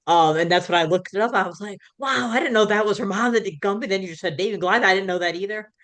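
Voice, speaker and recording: Fast-talking woman podcast host. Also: medium pitch, fairly bright tone. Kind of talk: casual interview questions.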